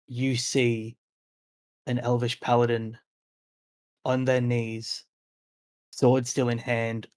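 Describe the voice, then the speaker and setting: A man running a tabletop role-playing game, narrating the scene in a descriptive way, with frequent "uh" and "like" fillers. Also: mid-range voice. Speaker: game master.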